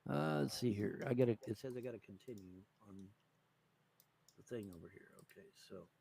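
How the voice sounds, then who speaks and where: A man's voice: lowish voice, fairly quick, vocal fry, dark tone, slight background noise. A man hosting a show, ranting angrily and mockingly with constant swearing. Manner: angry, cursing, mocking. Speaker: host. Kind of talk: profane political rant.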